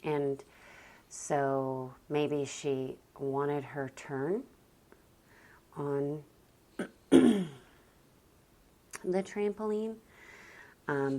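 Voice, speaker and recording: Woman, homeschool mom vlogging, very deep voice, calm and soft-spoken, sighs between thoughts. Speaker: homeschooling mother and parenting vlogger. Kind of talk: casual reflective talk to camera.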